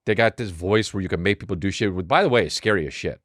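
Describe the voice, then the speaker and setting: A man hosting a podcast, riffing in a rambling comic monologue, excitable and profane, with quick acted asides. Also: low-pitched, no echo, clean studio sound. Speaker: podcast host.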